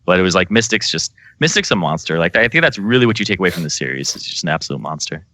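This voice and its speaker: A male esports analyst on a panel, giving quick, opinionated takes in casual talk. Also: low voice, sing-song, sharp tone.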